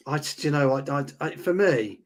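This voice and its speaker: A man's voice: a little high, animated, normal speed. A man co-hosting a casual football podcast, hesitant and stumbling over repeated words. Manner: stammering restarts, hesitant. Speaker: podcast co-host.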